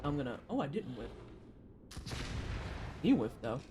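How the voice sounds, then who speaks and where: A woman's voice: very deep voice, sing-song, a little slow, pauses often, dark tone, a little hiss or hum. A woman streaming her gameplay, chatting sarcastically with her chat and laughing often. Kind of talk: live-stream gameplay commentary, reading chat.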